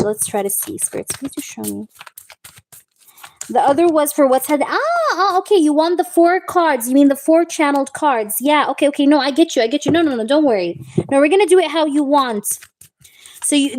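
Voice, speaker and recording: A young woman reading tarot live, chatting warmly with viewers and calling them babe and baby girl. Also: sits high. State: recovering from a wisdom tooth removal. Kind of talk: live-stream chat with viewers.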